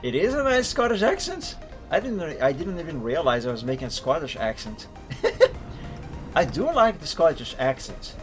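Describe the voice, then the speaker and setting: Over music, a man gives casual commentary while streaming a driving game, his slightly high voice moving at a moderate pace with big pitch swings. He rambles, chuckles, and keeps correcting himself mid-sentence.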